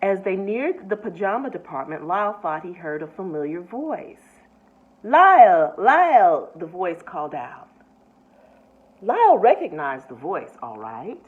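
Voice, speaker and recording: Woman reading a storybook aloud, slow and lilting, fairly high, tinny phone-like sound. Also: husky. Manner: expressive, with asides to listeners. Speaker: nurse reading a picture book aloud.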